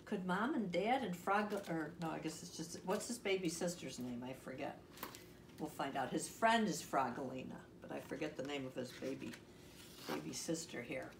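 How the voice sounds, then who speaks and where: A woman reading a children's picture book aloud with expressive voices and chatty asides to the listener. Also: low voice, normal speed, vocal fry, distant mic. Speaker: storyteller. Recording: echoey room, off-mic, faint hiss.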